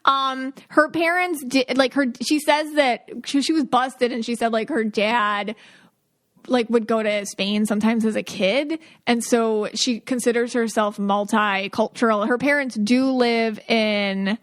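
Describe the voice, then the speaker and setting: A woman's voice: fairly high pitch, fairly even intonation. Chatty woman podcast host. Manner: chatty, quick asides, frequent fillers. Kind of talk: casual chat.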